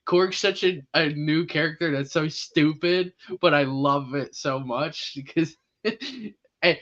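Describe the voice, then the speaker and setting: A man's voice: a little high, normal speed, pushed and bright. A man chatting casually about a film as co-host, rambling and laughing often. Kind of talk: casual movie chat. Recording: dull lo-fi sound.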